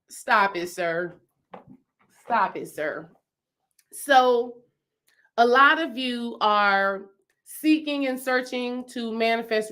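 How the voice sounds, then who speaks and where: A woman's voice: mid-range voice, a bit bright. A woman speaking as a spiritual healing coach in a casual teaching talk, emphatic and chatty. She repeats phrases for stress and keeps asking her viewers questions. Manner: chatty, asks the audience questions.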